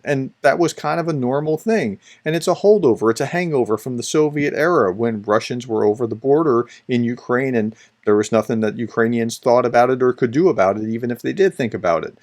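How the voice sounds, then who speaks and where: Guy with a gravelly voice chatting through clips like a professor, keeps restarting his sentences. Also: mid-range voice. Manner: conversational, restarts and repeats words. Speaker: professor explaining disinformation. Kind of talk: commentary reacting to clips.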